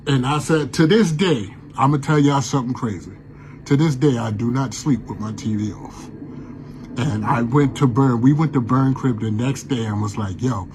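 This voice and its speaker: Man, casual storytelling, animated, middle pitch, faint background noise. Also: rough recording. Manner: animated, acts out his own shouted lines. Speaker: guest telling a story. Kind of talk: casual storytelling on a radio show.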